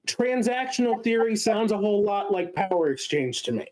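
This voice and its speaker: A man giving a casual explanatory lecture as a guest speaker, often pausing on filler sounds. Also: sits high, expressive, darkish tone, poor audio.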